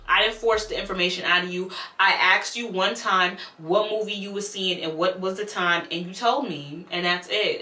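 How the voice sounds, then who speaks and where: Blunt, animated woman telling a story. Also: mid-range voice, echoey room. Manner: animated, blunt, swears freely. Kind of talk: casual storytime vlog.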